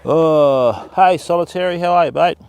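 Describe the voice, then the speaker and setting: A man's voice: on the high side, normal speed, creaky, darkish tone, smooth. An Australian man chatting casually to viewers on a phone livestream from a riverbank, greeting them by name in a matey way. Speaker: fishing livestreamer. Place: riverbank outdoors.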